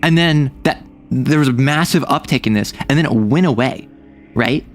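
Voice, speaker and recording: A man's voice: mid-range voice, moderate pace. A young man from the United States streaming a casual chat, rambling and joking, often cutting himself off mid-thought. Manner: rambling, jokey, self-interrupting.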